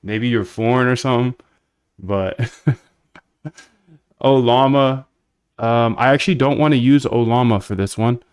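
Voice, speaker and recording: A man's voice: mid-range voice, measured pace, long pauses, a little mellow, clean tone, no echo. A man hosting a casual livestream, coding aloud and bluntly reacting to chat. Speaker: livestream host.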